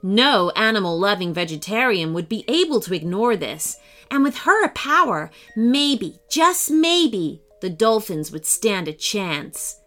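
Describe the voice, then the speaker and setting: A woman narrating a children's story in an expressive storytelling manner. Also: medium pitch, normal speed, faint music behind.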